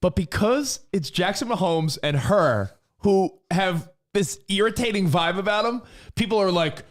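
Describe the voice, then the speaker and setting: A man co-hosting a casual sports talk show, ranting in an animated, profane way and shouting for emphasis. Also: high voice, measured pace. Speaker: co-host.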